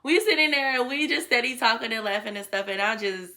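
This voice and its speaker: A woman vlogger tells a personal story straight to camera in a blunt, unfiltered way. Her voice sits a little high and sounds bright and forceful. She swears casually and breaks into laughter often. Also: fairly quick.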